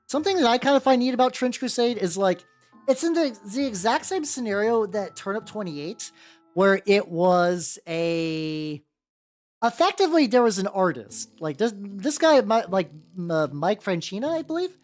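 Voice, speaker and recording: A woman's voice: medium pitch, sing-song, normal speed. A woman streaming as she paints miniatures, chatting casually with her viewers, greeting them by name, laughing and swearing freely. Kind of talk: casual livestream chat. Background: soft background music.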